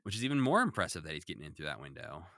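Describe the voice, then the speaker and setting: A man's voice: sits low, very animated, very fast, fairly bright tone, no echo, clean studio sound. A man co-hosting a podcast, recapping a cartoon episode in casual chat and acting out quoted lines. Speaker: podcast co-host.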